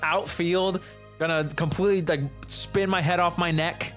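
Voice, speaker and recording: A game streamer chatting casually and excitedly, rambling and laughing between lines of play. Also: mid-range voice, moderate pace, soft background music. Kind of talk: casual let's-play commentary.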